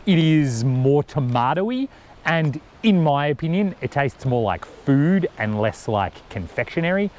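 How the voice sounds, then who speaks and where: A man's voice: fairly high pitch, sing-song, measured pace, darkish tone, a little hiss or hum. A man, chatting upbeat to camera outdoors as a travel vlogger, explaining things with enthusiasm. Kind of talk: casual vlog talk to camera. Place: outdoors at a campsite and a windy picnic table.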